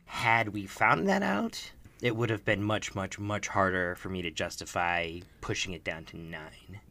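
A man's voice: low-pitched, measured pace, creaky, sharp tone. A man hosting a casual podcast, chatty and self-deprecating, often restarting his sentences. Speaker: podcast host running a song bracket.

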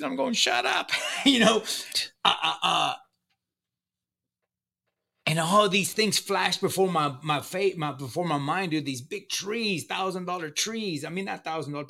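A fairly high, sharp-toned voice belongs to a middle-aged man giving a long personal account of his recovery. He's casual, emphatic and profane, often restarting, using fillers and doubling back.

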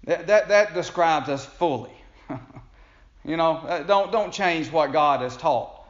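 A man's voice: a little high, slow. A man preaching a sermon in a folksy, conversational way, chuckling and restarting his sentences. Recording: echoey room, dull lo-fi sound.

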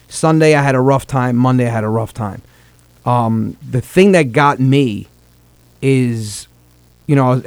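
A man's voice: mid-range voice, a little mellow, no echo. Emotional man with a dry, close sound. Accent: New York-New Jersey Italian-American. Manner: emotional, swearing, repeats words when moved. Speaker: comedian podcast host. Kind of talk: earnest personal talk on a comedy podcast.

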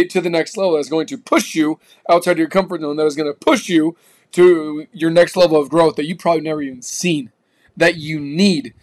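Podcast host, male, higher-pitched, slangy and forceful, a motivational speaker. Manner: emphatic, slangy, punchy. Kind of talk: motivational talk.

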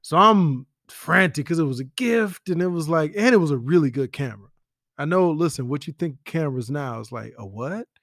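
Brief: man, casual animated storyteller, gravelly, slightly high voice, dry close sound. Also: fairly quick, dry recording. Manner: animated, slangy storytelling with acted quotes and whispered asides. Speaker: friend giving a spoken tribute.

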